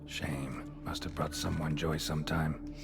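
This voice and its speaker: A terse male monster hunter from a video game, speaking in short, clipped phrases. His voice sits very low with a gravelly edge. Loud game music plays beneath him. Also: flat delivery, unhurried, full character voice. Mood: wary.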